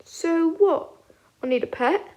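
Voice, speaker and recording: A woman's voice: very high-pitched, animated, slow, a little mellow, reverberant, pitched above the performer's own voice, heavily acted. Remus, as a woman reads him, an anxious schoolboy. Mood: wary. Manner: wary, hesitant. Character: anxious self-conscious teenage schoolboy werewolf.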